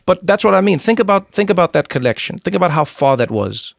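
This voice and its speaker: A South African comedian appearing as a podcast guest tells anecdotes in a casual interview, animatedly acting out the voices of the people in his stories. His voice sits high and creaky, with a quick pace and no echo.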